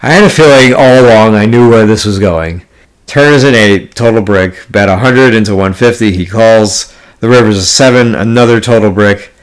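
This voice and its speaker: A man's voice: on the low side, moderate pace, clear, resonant tone. A man telling a poker story in a casual, blunt, profanity-heavy monologue, full of card jargon and rambling restarts. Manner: profane, blunt, exasperated ranting. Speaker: poker player vlogger.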